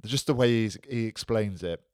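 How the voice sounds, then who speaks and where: A man's voice: fairly low pitch, normal speed, darkish tone, dry recording, clean studio sound. A man co-hosting a podcast, telling stories in an enthusiastic, rambling casual chat. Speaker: podcast co-host.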